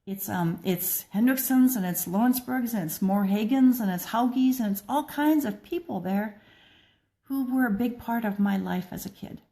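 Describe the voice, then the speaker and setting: Older woman, warm and soft-toned, sincere, unpolished personal talk with restarts. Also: medium pitch, gravelly. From American Midwest. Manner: gentle, earnest, with frequent restarts. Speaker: blogger and speaker.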